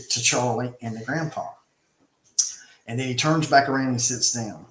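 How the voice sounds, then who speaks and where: Man, middle pitch, emphatic storyteller with lots of restarts, casual chat, echoey room sound. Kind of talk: casual conversation, retelling a film.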